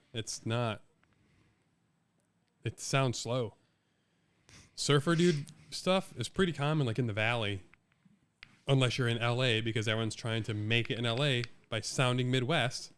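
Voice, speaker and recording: A man's voice: medium pitch, unhurried, pauses often, a bit bright, clear, resonant tone. A man from the far south of Wisconsin and Illinois co-hosting a podcast, rambling and swearing casually. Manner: rambling, profane, with mock accents. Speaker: podcast co-host. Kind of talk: casual chat.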